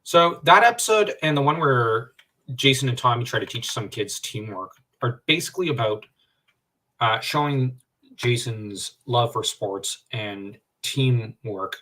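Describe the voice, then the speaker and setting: Male livestream co-host, casual rambling fan talk, mid-pitched voice, sits back from the mic. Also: measured pace. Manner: animated, rambling, many fillers and restarts. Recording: distant from the mic.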